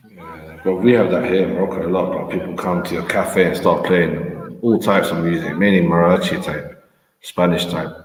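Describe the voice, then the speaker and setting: A man's voice: deep voice, fairly even intonation, moderate pace. A laid-back man chatting casually while watching and commenting on a fight. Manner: laid-back, calls people bro. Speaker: co-host. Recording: echoey room, faint background noise.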